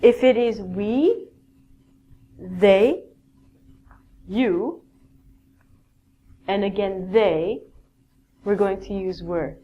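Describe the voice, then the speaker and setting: A woman teacher gives a basic grammar lesson at an unhurried pace. She speaks clearly, at a middle pitch, and keeps asking "okay?" to make sure her learners keep up. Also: dark tone, dull audio. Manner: slow, clear teaching with many "okay?" checks. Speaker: English teacher.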